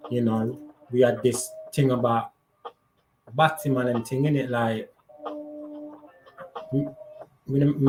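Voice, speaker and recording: A man's voice: mid-range voice, darkish tone, a little hiss or hum. Slangy man chatting casually. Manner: slangy, swears freely, rambling with many fillers. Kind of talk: casual live chat.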